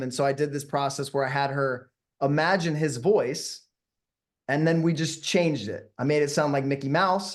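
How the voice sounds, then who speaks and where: A man, a hypnotist and workshop leader, teaching and then guiding a meditation, speaking slowly and soothingly and asking the audience questions. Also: a little high.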